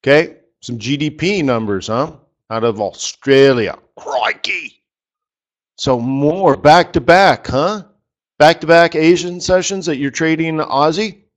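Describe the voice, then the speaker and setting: A man's voice: a little high, unhurried. A man coaching traders in a live webinar lesson, talking in a chatty, joking way and throwing out rhetorical questions. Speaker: forex trading coach.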